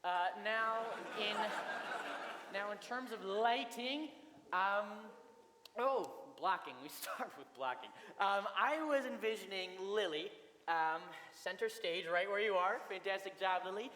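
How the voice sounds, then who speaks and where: A man's voice: high voice, animated, unhurried, pushed and bright, exaggerated voice. A young man playing a pompous stammering drama director. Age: young adult. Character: pompous fussy male high-school drama director. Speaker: drama teacher character in a school play. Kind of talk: stage comedy acting. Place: school stage. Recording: echoey school auditorium, faint room noise.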